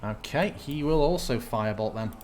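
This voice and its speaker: A man's voice: medium pitch, animated, normal speed, slight background noise. Man running a tabletop game. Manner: thinks aloud while checking rules. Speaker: game master.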